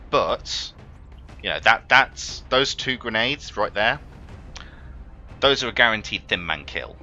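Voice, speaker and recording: A man's voice: on the low side, pushed and bright, muffled recording. A man commentating his own strategy game run, swearing and prone to exasperated outbursts. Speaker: gaming let's player. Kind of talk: let's play commentary.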